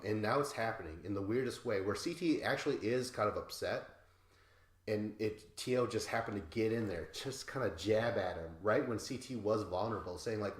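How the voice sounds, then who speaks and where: A man co-hosting a podcast, casually recapping a reality show in a lively way and imitating the cast members. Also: fairly low pitch, moderate pace, reverberant. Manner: animated, mimics cast members with laughs. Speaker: podcast co-host.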